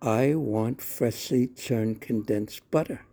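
A man doing a demanding little boy, slow and husky. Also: medium pitch, warm tone. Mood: insistent. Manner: pleading, insistent. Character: small boy god, demanding and playful.

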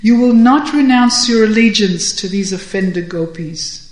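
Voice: mid-range voice, normal speed, close to an everyday voice. A storyteller voicing a playful young cowherd hero who blusters in mock anger, with lifted, emphatic lines. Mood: flustered. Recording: roomy echo.

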